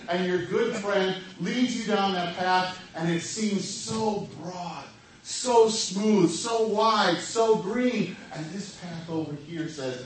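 A man's voice: sits high, slow pace, slight background noise. Man preaching in a very echoey room. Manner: conversational preaching with rhetorical questions. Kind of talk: sermon. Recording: echoey room from far off, faint background.

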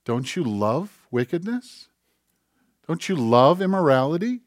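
Preaching man, quiet asides to fervent. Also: a little high, sing-song, measured pace, no echo, clean studio sound. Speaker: pastor. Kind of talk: sermon.

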